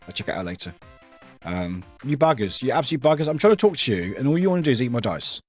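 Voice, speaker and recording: A young British man streaming and chatting with his viewers, teasing them playfully and switching between loud outbursts and quiet mumbles. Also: medium pitch, very animated, fast. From United Kingdom. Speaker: livestreamer. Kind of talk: casual chat with viewers. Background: faint music.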